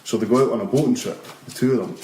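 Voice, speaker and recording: A Scottish man spins a story in loose, sweary podcast chat, his voice bouncing around a roomy space. A soft hiss sits underneath. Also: medium pitch, rapid-fire. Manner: swears freely, lively storyteller. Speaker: podcast host. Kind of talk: casual chat. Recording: roomy room echo.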